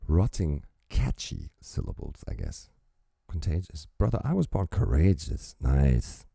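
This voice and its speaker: A man's voice: a bass voice, wildly swooping pitch, measured pace, vocal fry, mellow, breathy edge, no room sound, studio quality. A man hosting a reaction video, swearing freely as he stops the music to quote lyrics and comment on them.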